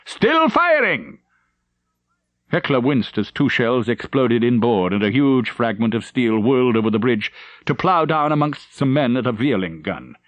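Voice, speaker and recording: Male audiobook narrator, animated pitch, dramatic and measured, dry studio sound. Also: no room sound, lo-fi sound. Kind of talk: scripted narration.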